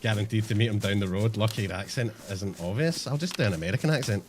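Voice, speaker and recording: A man's voice: fairly low pitch, quick pace, background noise. A man streaming a game, chatting casually and self-mockingly to viewers, swearing often. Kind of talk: casual live-stream chat.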